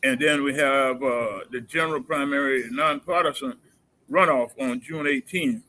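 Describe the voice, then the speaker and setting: A man's voice: medium pitch, normal speed, bright, forceful tone, poor audio. Hesitant man hosting a community show. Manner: hesitant, many uh fillers, laughs easily. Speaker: host. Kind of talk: community livestream talk show.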